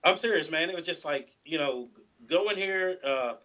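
Man, guitarist guest, casual interview talk, rambling with lots of "you know", higher bright voice, dull lo-fi sound. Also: normal speed.

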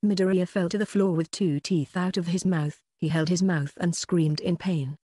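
An audiobook narrator reading a novel in a steady, even way. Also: medium pitch, moderate pace, husky, no echo, studio quality. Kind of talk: scripted narration.

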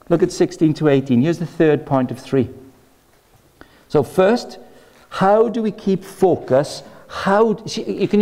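Guy preaching at an event, chatty and jokey, kinda high but mellow voice. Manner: energetic, conversational, jokey. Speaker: speaker. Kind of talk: sermon-style talk at an event.

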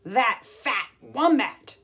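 Storybook dingo, sly and sing-song, read by a woman, slow and lively. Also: on the high side, full character voice. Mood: cheerful. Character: sly singing male dingo cook.

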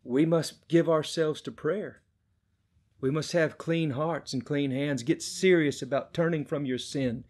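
A man's voice: fairly high pitch, fairly even intonation, a little slow. Impassioned middle-aged man preaching a sermon. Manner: impassioned storytelling, swings between hushed and loud.

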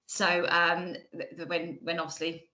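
Speaking at an online conference through a computer mic, this English woman in her forties has a lowish voice with little pitch movement, a measured pace, and a pushed, bright tone. Her Bracknell, Mockney-like estuary accent comes through as she chats along with many ums and restarts, and the recording is rough.

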